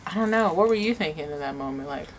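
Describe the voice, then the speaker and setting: Talking fast in a low, expressive voice, this young vlogger and mom shares a personal story in a casual, heartfelt way, packing her speech with "like." There's slight background noise.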